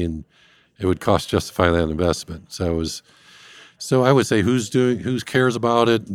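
A man speaking as a guest expert, explaining risk step by step in a measured way. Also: on the low side, clear, resonant tone, no echo. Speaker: industrial cybersecurity guest expert. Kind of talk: explanatory interview talk.

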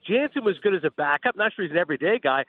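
A man calling in as a guest broadcaster, telling stories with enthusiastic, rapid energy. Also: high voice, animated, no echo, narrow, tinny audio. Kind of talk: call-in radio interview. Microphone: phone line.

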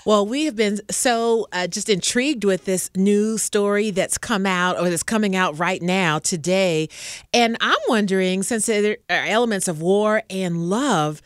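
A woman's voice: mid-range voice, a little slow. A woman co-hosting a morning radio show, reacting eagerly and asking the guest questions. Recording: dry close studio mic.

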